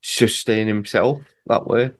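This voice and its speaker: A man's voice: lowish voice, fairly even intonation, slow, dry recording. A man co-hosting a podcast, chatting casually and thinking aloud with hesitant phrasing. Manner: thoughtful, hesitant, builds ideas aloud. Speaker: podcast co-host. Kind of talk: casual chat.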